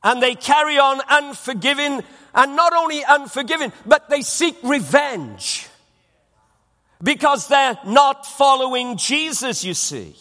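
Emphatic high-voiced male preacher. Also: bright, forceful tone, in a large hall. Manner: emphatic preaching, repeats phrases. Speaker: pastor. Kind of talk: sermon. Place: church auditorium.

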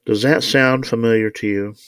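A man's voice: medium pitch, steady tone, normal speed, fairly bright tone, clean tone, no echo, clean studio sound. A man hosting a podcast, reading from a novel and commenting with indignant rhetorical questions. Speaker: podcast host.

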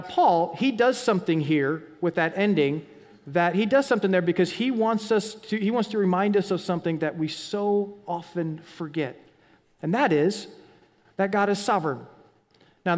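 A man preaches to his congregation, his voice sitting high for a man. He drops to near whispers and climbs back to loud, emphatic lines. A long reverb from the church hall trails his words. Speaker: pastor. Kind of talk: sermon.

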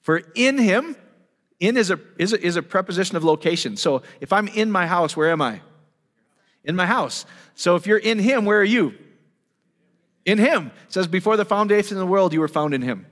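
Male pastor, fairly high voice, eager and chatty, long hall reverb. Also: animated, normal speed, a bit bright. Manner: enthusiastic, conversational, full of rhetorical questions. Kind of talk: sermon teaching.

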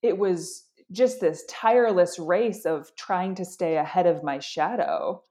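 A middle-aged woman speaks candidly about her personal experience, earnest and self-reflective, often restarting her sentences. Her voice is lowish, mellow and unhurried.

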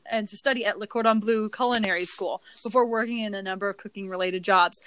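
A young woman co-hosts a podcast in a wry, chatty way, her voice set a little high. She is recorded close and dry, with no room sound. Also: fairly bright tone, dry recording. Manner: chatty, wry, reads aloud quickly. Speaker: podcast co-host. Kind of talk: casual chat.

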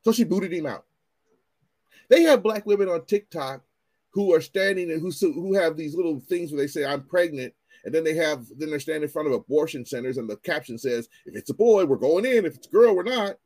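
A man ranting in casual commentary, animated and profane, often repeating himself as he restarts his sentences. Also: a little high, fairly quick, no room sound.

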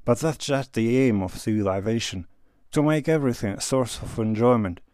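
A man's voice: mid-range voice, lively intonation, a little fast, a little mellow, no room sound, studio quality, natural voice. A man voicing a cheerful, worldly nobleman who teases his friend in a breezy, slightly grand manner. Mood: teasing.

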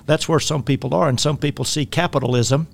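A man's voice: fairly high pitch, steady tone, a little fast, vocal fry. Folksy man with a Southern drawl. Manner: folksy, rambling, with frequent restarts and fillers. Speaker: life coach and radio host. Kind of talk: faith-based talk radio teaching.

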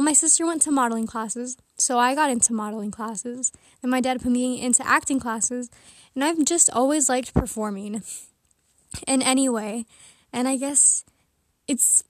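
A woman's voice: sits high, dry recording, clean studio sound. A teenage girl talking in a casual, rambling monologue from under a blanket, a little out of breath, with giggly asides. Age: teens. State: slightly out of breath.

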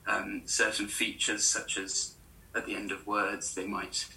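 A man's voice: lowish voice, flat delivery, unhurried, creaky, crowd noise, low-quality recording. A man from the West Country with a light West Country accent, casually explaining accents and hesitating with ums. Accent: light West Country English. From West Country of England. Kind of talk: casual conversation.

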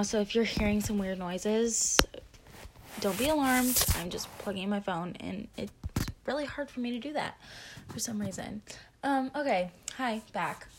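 A woman's voice: mid-range voice, normal speed, background noise. A teenage girl hosting her own casual podcast, a little out of breath and eating, rambling and tripping over her words as she talks. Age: teens. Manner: rambling, self-interrupting, stumbles over words; eating while talking. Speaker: podcast host. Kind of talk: casual solo podcast chat.

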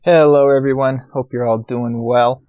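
A man answering as a guest in a casual podcast interview, hesitant, with many pauses for uh and um. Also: medium pitch, steady tone, dry recording. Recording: dull lo-fi audio.

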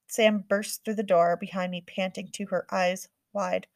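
A woman's voice: mid-range voice, level tone, measured pace, vocal fry, dry recording. Woman narrating a first-person audiobook.

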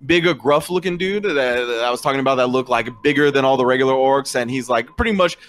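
A man's voice: medium pitch, fast, fairly bright tone. A man narrating a tabletop game as game master, rambling with lots of fillers.

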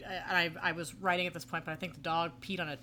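A woman's voice: on the low side, little pitch movement, fast talker, pushed and bright, a little hiss or hum. A woman co-hosting a podcast, recapping a TV episode in casual chat and filling her talk with "like" and "um". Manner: chatty, heavy with "like" and "um". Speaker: podcast co-host.

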